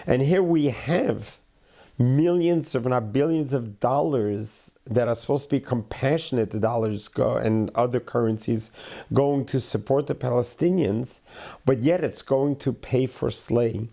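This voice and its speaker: Man, rabbi host, reflective commentary, unhurried deliberate delivery, explanatory. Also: mid-range voice, gravelly, warm tone.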